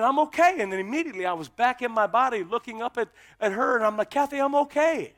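A middle-aged man giving a testimony sermon, telling his story and then building to shouted preaching. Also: sits high.

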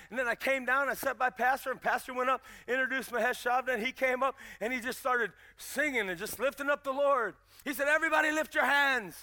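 A man preaching a sermon with a strikingly high voice. His tone is very bright and sharp, and he tells his stories with rising, emphatic energy. He sounds like a pastor in his fifties.

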